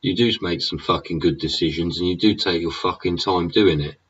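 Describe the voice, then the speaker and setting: An English vlogger delivers a sweary, sneering political rant, peppering it with "yeah?" and "innit?". His low voice moves fairly quickly and sounds slightly rough, recorded dully and at a distance from the mic.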